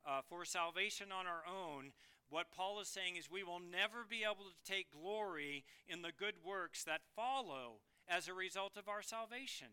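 Bright, emphatic male preacher. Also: sits high, normal speed, clean tone. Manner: emphatic, rising to loud bursts. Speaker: pastor. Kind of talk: sermon.

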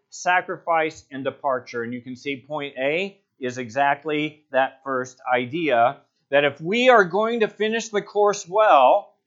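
Casting: a man as a pastor preaching, emphatic and a touch high-pitched, dull lo-fi sound. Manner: emphatic, builds to loud passionate peaks then drops low. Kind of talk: sermon.

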